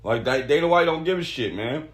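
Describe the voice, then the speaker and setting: A man hosting a solo podcast, talking casually with lots of swearing and reading articles aloud in an animated way. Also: a little high, a little fast. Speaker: podcast host.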